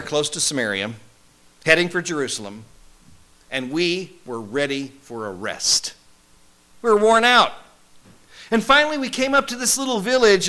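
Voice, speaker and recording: Guy doing a chatty disciple telling his story, kinda high and bright, wry and animated. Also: exaggerated voice. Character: adult male disciple recalling his travels. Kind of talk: first-person dramatic monologue.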